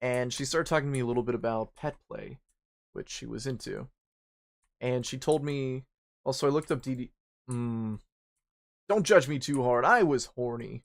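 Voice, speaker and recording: A young man streaming a game, rambling through a personal story in casual chat, swearing freely and jumping into high squeaky bursts when he acts out panic. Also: animated, a little slow, long pauses. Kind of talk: casual storytelling while gaming.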